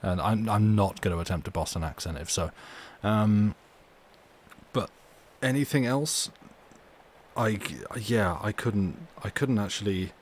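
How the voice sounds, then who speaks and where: A man's voice: fairly low pitch, unhurried, a little hiss or hum. Rambling man chatting to stream chat. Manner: rambling, self-interrupting, chuckling asides. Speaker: streamer reading stories aloud. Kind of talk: casual chat with live chat.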